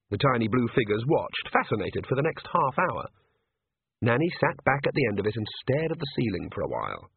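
A man reading a novel aloud as narrator, in measured, even storytelling. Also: lowish voice, gravelly, slightly rough, no echo. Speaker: audiobook narrator. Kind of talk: scripted narration. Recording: dry, narrow phone-like band.

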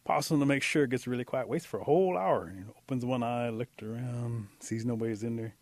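A man's voice: medium pitch, a little fast, a little mellow, no echo. A man narrating a folk tale in a vivid, playful way, with sound effects. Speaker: storyteller. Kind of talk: animated folk-tale storytelling.

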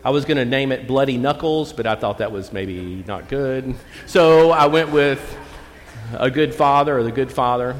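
A long reverb follows the voice of a male pastor preaching in a church sanctuary. His sermon is easygoing and folksy, pitched in the middle range, and he takes the scripture reading slow and deliberate.

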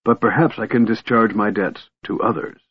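A man voicing a cold, bitter young male wizard in an audiobook, speaking in a chilly, harsh, hushed way. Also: fairly low pitch, fairly even intonation, normal speed, slightly rough. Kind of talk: audiobook character reading. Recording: tinny phone-like audio.

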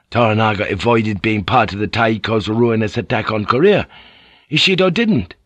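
A shrewd samurai vassal pleads his case with quiet authority, read by a man. He sounds earnest, with a mid-range voice. The recording is dry and close. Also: medium pitch, dry recording. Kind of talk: audiobook character reading.

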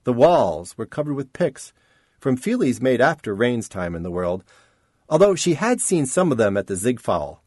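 In a dry, studio-quality recording, a man reads scripted audiobook narration. His mid-range voice tells the story in a measured yet expressive way.

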